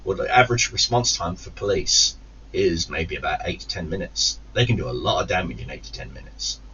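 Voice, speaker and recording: A man's voice: deep voice, brisk, a little hiss or hum. A man casually telling a long, profane story to his channel, acting out the people in it. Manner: profane, animated anecdote-telling with acted-out quotes. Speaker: gaming YouTuber. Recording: slightly distant, dull lo-fi sound.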